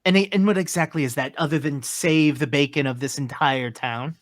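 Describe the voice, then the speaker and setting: A man voicing a smooth-talking male villain leader, speaking with silky, condescending menace in a tabletop game. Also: a little high, normal speed, dry recording, studio quality, lightly acted. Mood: scornful. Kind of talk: in-character tabletop role-play.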